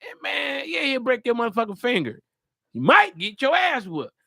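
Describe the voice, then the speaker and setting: A man hosting a live podcast, talking casually with animated, profane energy. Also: very high-pitched, moderate pace, vocal fry, breathy edge, dry recording, clean studio sound. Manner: animated, profane, jumps into loud put-on voices. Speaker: comedian and podcast host.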